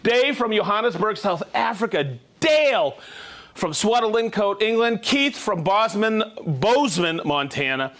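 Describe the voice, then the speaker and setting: Brief: male live-stream host, high-pitched, upbeat and jokey, rattles off viewer shout-outs. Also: very animated. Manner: upbeat, quick, jokey, greets viewers by name and town.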